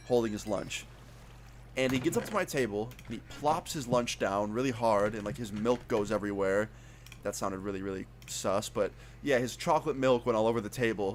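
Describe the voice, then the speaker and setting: A man's voice: mid-range voice, slight background noise. A young man telling a casual, profane storytime as a YouTuber, acting out his own lines. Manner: casual, profane, animated retelling. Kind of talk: storytime vlog.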